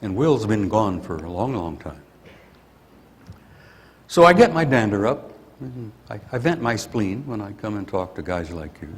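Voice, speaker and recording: A man's voice: lowish voice, sing-song, a little slow, in a large hall. An older man giving a blunt, grumpy conference talk and venting his anger. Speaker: conference speaker. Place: conference hall.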